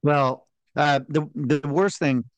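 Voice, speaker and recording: A man's voice: a little high, steady tone, slow, no echo. A man co-hosting a casual podcast, chatting wryly with frequent ums. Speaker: podcast co-host. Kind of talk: casual chat.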